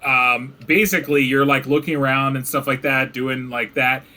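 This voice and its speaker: A man's voice: mid-range voice, steady tone, moderate pace, bright, forceful tone. A young man narrating as game master in casual, rambling talk full of fillers. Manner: rambling, filler-heavy descriptions. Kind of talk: running a tabletop game, casual.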